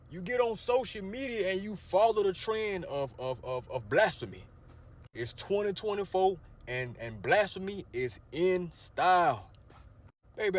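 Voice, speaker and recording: A man telling spiritual war stories from inside his car, animated and preachy, swinging from loud outbursts to low murmurs. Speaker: storyteller, spiritual vlogger. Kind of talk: casual storytelling to camera.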